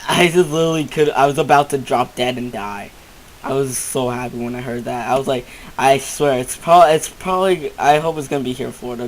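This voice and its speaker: A jumpy, excitable man chatting through a let's-play at home, his commentary wandering from one thought to the next. His voice sits in a middle pitch, and a faint hiss runs under the recording. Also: low-quality recording. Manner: excitable, rambling, easily startled. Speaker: gamer.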